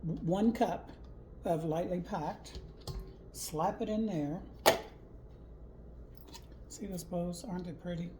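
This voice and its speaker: A woman hosts a home cooking video in an unhurried, lowish voice, full of sassy jokes and playful asides. She speaks from her kitchen, and the room around her is audibly noisy. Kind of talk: casual cooking demonstration.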